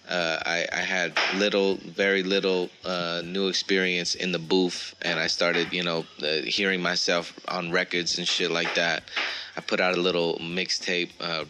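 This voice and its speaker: A man being interviewed as a rapper, talking in a halting, casual way with lots of slang, swearing and repeated words. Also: low voice, bright, forceful tone, a little hiss or hum. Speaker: rapper, guest.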